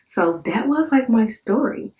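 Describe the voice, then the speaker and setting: A woman's voice: on the high side, expressive, measured pace, a little mellow. A woman in her thirties, a vlogger, telling her personal story in a candid, emotional, conversational way, with lots of fillers and repeated words. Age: 30s. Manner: emotional, candid, swears in quoted thoughts. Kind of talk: casual storytelling to camera.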